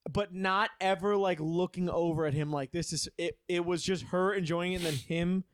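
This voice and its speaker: A man's voice: high voice, steady tone, moderate pace, clear, resonant tone, dry recording, studio quality. A man guesting on a podcast in casual banter, talking bluntly and restarting his sentences.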